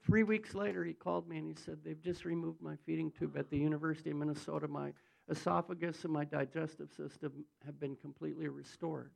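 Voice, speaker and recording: A man preaches from the pulpit in a high, raspy-edged voice. He tells stories by acting out each speaker's lines, then rises into fervent prayer. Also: little pitch movement, fast talker, poor audio. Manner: storytelling, acts out quotes, builds to fervent prayer. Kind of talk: sermon and prayer.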